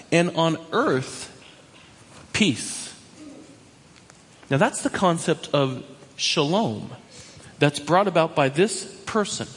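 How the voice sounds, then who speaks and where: A man preaching a sermon, animated and emphatic, often repeating his points. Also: fairly high pitch, slightly rough, big-room sound. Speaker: pastor.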